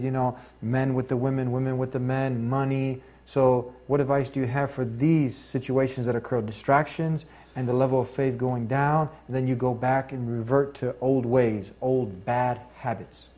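A man's voice: medium pitch, level tone, normal speed, few pauses, mellow. A man hosting an interview show, earnest, asking long, leading questions. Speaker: talk show host.

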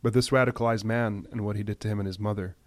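Impassioned man speaking gravely. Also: lowish voice, steady tone, no echo. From United States. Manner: impassioned, emphatic, slowing to a hushed, grave tone. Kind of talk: impassioned news commentary.

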